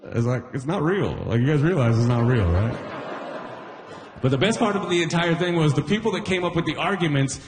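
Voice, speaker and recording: A male stand-up comedian works a live room, his pitch swinging widely as he builds each joke. His voice is mid-range. Steady crowd and room noise sit clearly behind him. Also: brisk, in a large hall. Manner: animated, jumps into put-on voices for bits. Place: live comedy venue with audience.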